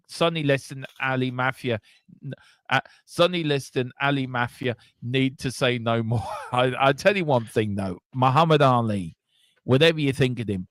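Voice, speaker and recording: A man hosting a football watchalong, chatting casually in a rambling, animated way and swearing now and then. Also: medium pitch, dry recording. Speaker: watchalong host.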